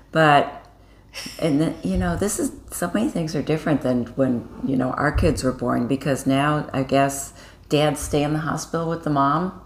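Picture an older woman from Iowa settling into a relaxed chat, her voice sitting remarkably low for a woman. She co-hosts, rambles a little and fills her stories with small pauses and fillers. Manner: chatty, rambling, warm storytelling with many fillers. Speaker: co-host. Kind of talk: casual chat.

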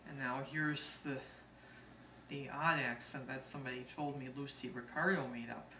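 A woman vlogger in a casual home video, halting and announcing each bit with fillers. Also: very deep voice, animated, sharp tone. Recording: echoey room from far off with noise.

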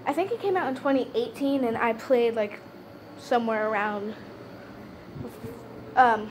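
A woman's voice: a little high, unhurried, pauses often, a little hiss or hum. A young woman vlogger telling a story in casual chat, with a stutter and many fillers and restarts.

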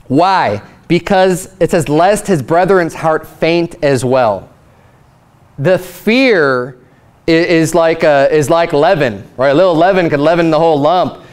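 A man preaching a sermon as pastor, reading scripture aloud and explaining it plainly with quick acted asides. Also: on the high side.

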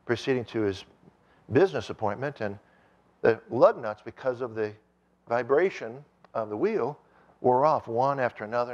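Male preacher, sermon, animated storytelling, middle pitch, muffled lo-fi recording. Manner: animated storytelling, with rising emphasis.

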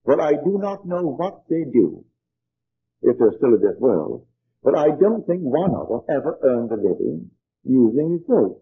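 An older man giving an earnest spiritual lecture, telling stories in a measured way, on an old archival tape. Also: medium pitch, phone-quality sound.

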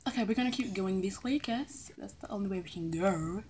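A young woman casually commenting on a story game as she plays, excitable, laughing and shrieking when panicked. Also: mid-range voice, fairly quick, slight background noise. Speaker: gamer playing through a story game.

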